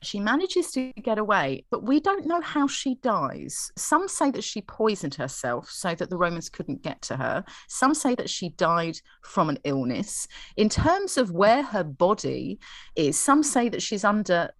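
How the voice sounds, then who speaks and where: A woman's voice: medium pitch, sing-song, a little slow, no echo. A young woman on a casual history chat, telling the story in a chatty way with fillers and a readiness to laugh at herself.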